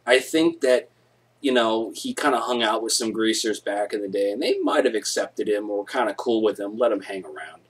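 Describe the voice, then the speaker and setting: Husky male streamer, casual, swears a lot, rambling jokey storyteller. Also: on the low side. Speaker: live stream host.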